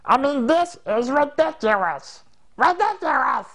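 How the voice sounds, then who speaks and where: A man putting on a silly, high-pitched, goofy voice to demonstrate talking in a funny voice, playful and exaggerated. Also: very animated, a little slow, fairly bright tone, heavily acted. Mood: cheery.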